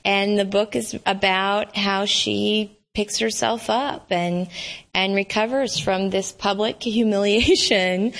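A woman author reading from her novel and then chatting with a bookstore audience, laughing often and restarting her sentences. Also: mid-range voice. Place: bookstore event.

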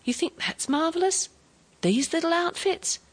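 A woman's voice: very high voice, expressive, a little slow, voice pushed up. A woman voicing an ambitious young English wife who talks eagerly and then defiantly. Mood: wistful.

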